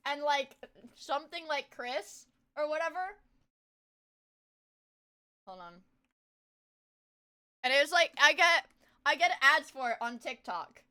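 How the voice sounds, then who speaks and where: A young woman streamer chatting casually with her viewers, rambling and swearing, breaking into loud laughter. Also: high voice. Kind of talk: casual livestream chat.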